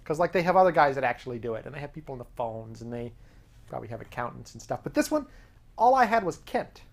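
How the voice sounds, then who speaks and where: A man hosting his own show, telling a casual anecdote in an animated, self-amused way and acting out the back-and-forth of a conversation. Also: medium pitch, fast talker, creaky. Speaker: podcast host.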